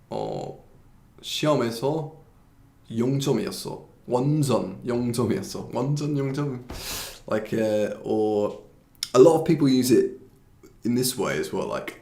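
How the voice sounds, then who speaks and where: Fast-talking, gravelly teacher. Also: male voice, mid-range voice, mellow, echoey room. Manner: explains with repeated examples, switching between English and Korean. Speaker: English teacher. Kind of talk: live-streamed language lesson.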